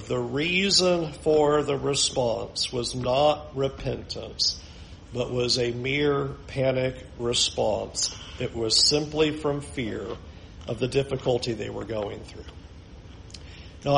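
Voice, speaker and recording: A male pastor preaching a conversational sermon, moving between hushed asides and emphatic points. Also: mid-range voice, gravelly, slight background noise, rough recording.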